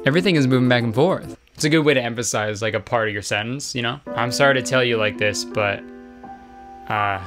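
A man's voice: mid-range voice, quick pace, over music. A man doing comedic commentary while playing a story game, sarcastic and jokey, swearing often. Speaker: comedy YouTuber.

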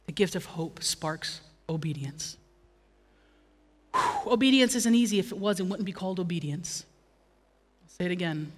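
A woman's voice: lowish voice, moderate pace, pauses often, in a large hall. A woman pastor preaching a sermon with passion, building to emphatic declarations and dropping in humorous asides. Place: church.

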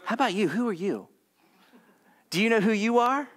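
A man's voice: sits high, expressive, moderate pace, fairly bright tone. A male pastor preaching a conversational sermon, leading the congregation in repeated affirmations. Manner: conversational, repetitive affirmations, audience call-and-response.

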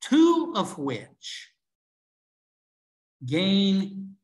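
Older guy teaching an online class, talks slow, stops and restarts a lot, kinda high voice. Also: huge pitch swings, low-quality recording. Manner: halting, many fillers and restarts. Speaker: religion teacher.

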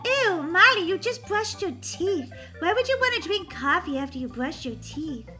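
A woman plays an earnest, helpful young sister in a kids' skit, with a high, lively voice. She is eager to help and quick to take offense. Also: soft background music, full character voice.

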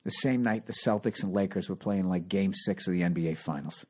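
A man's voice: low-pitched, fairly quick, a little mellow, husky. A man in his late forties hosting a podcast, telling stories in casual chat with constant swearing and emphatic rants. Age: 40s. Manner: profane, emphatic ranting. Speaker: podcast host.

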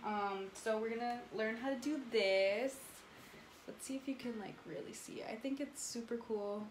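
A woman's voice: fairly high pitch, moderate pace, slight background noise. A young woman chatting casually as she teaches painting at home, rambling and filling gaps with um and like. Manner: chatty, rambling, says um and like a lot. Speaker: vlogger. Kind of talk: casual painting tutorial chat. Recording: roomy echo with music behind.

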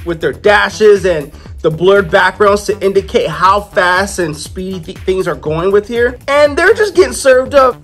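A comic book reviewer in a casual, chatty style, retelling the story loosely with playful asides. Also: medium pitch.

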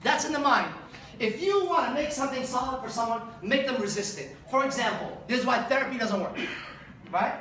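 A man speaking at a conference, animated and profane, acting out little scenes for the crowd. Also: very high voice, brisk. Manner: profane, animated, acts out voices. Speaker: seminar speaker. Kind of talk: conference talk. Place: large conference hall. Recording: echoey hall from far off.

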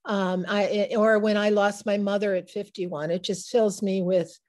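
A woman's voice: mid-range voice, level tone, darkish tone. Emotional woman in her sixties reminiscing. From Midwest United States. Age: 60s. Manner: emotional, halting, with many restarts. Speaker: author being interviewed. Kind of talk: reflective personal storytelling.

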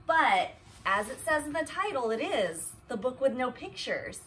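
A mother in her thirties playfully reading a silly picture book aloud to her child at home, with animated delivery. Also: sits high, normal speed, distant mic, a little hiss or hum. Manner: animated, silly voices, laughing while reading. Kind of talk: playful read-aloud storytelling.

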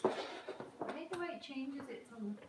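A woman's voice: high-pitched, animated, a little slow. A woman chatting casually on a livestream, talking to her baby and her viewers while she opens gifts. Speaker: livestream host. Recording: echoey room, far from the mic, noisy background.

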